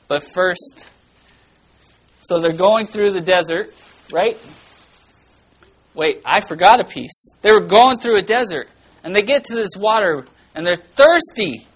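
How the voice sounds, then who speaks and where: A children's church teacher giving an animated Bible lesson, asking the kids lots of questions and breaking into loud, dramatic bursts. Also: medium pitch, rough recording.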